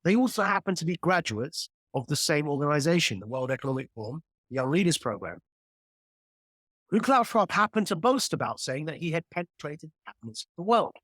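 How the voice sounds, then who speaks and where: As a guest on a video call, a male commentator explains with great energy, leaning on analogies and repetition to press his points. His voice runs high, very animated, brisk and a bit bright, in echo-free studio quality.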